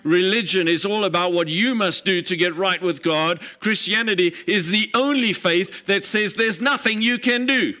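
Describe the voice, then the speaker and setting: A male pastor delivering a sermon with a bright, ringing tone, pitched a little high. He preaches emphatically and acts out the scenes he retells. His pace speeds up and slows down as he presses each point.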